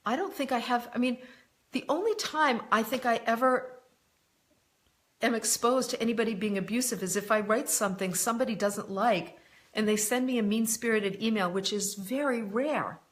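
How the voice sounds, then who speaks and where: A woman coach with a voice on the high side talks at normal speed during a live online session. She answers viewer questions candidly and directly, calls people by name, and often says "um" and "you know."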